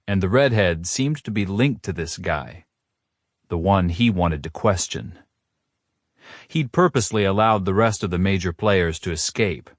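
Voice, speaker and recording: A man narrating a romance audiobook in a steady, first-person storytelling manner. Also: low-pitched, a little slow, no room sound, clean studio sound.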